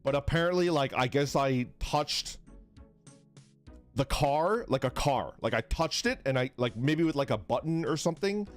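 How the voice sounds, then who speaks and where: Young male streamer, casual rambling chat, animated pitch, faint background music. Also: normal speed. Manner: rambling, laughing, swearing, acts out voices in a high yell.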